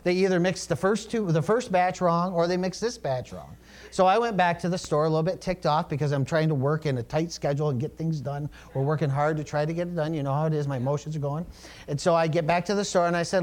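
A man's voice: on the high side, fast talker, a little mellow. A middle-aged male pastor preaching a sermon in a conversational, storytelling way, with asides to the congregation.

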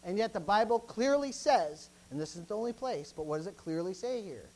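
A man's voice: moderate pace, rough recording. A man preaching a sermon as pastor, emphatic and repetitive, often calling out interjections between points. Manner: lively, swinging between loud bursts and low asides.

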